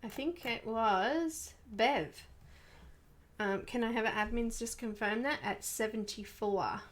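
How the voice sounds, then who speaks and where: A woman hosting a live coloring stream, murmuring quietly to herself as she works and chatting casually with viewers. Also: on the high side, slow. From Australia. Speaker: livestream host.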